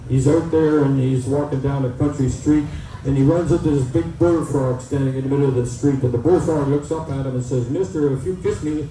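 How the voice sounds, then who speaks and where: Mellow-voiced man telling jokes. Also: fairly high pitch. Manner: folksy, full of uhs. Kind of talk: joke telling at a community event. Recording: echoey PA, distant mic, faint noise.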